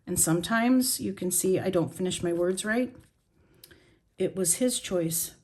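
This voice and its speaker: A woman vlogging about her journaling, talking bluntly and emotionally with pauses and fillers, shaken as she speaks. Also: lowish voice, darkish tone. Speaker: planner vlogger. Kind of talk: emotional journaling talk to camera.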